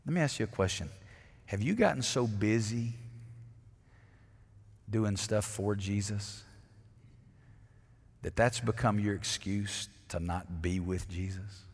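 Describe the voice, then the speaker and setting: A middle-aged man, a pastor, preaching a sermon, swinging between loud emphatic declarations and hushed, intimate asides. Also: lowish voice, slow pace, long pauses, breathy edge, long reverb tail.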